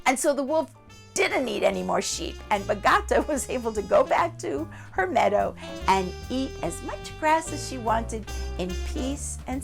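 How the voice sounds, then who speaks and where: Woman librarian, storytime read-aloud, lively, faint music under. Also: on the high side, vocal fry. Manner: animated and expressive. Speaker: children's librarian.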